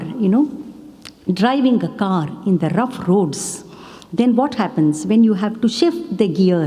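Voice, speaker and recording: Mellow low-voiced woman giving a devotional talk. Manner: conversational, with rhetorical questions and frequent "you know". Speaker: speaker at a devotional gathering. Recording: long hall reverb.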